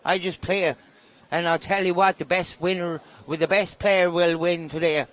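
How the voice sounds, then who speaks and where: A man voicing a blunt male pool player with a put-on Irish accent, talking in slow, clipped phrases with broken grammar. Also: high-pitched, fairly even intonation, fairly bright tone. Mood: stubborn.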